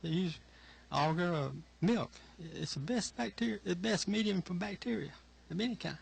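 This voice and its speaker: An older man gives testimony in a hearing room, his voice husky and pitched a little high. He speaks earnestly and haltingly, stopping to collect himself as he tells his story. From Georgia, USA. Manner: earnest, halting, emotional retelling. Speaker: witness testifying at a legislative hearing. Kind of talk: public testimony.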